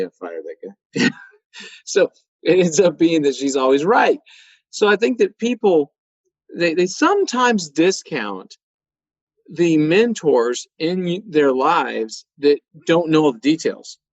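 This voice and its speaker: A man, telling stories in a folksy, animated way as a guest in a conversation. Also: fairly high pitch, a little slow, dry recording. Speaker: guest, auto repair shop owner. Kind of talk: conversational interview storytelling. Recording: dry, muffled sound.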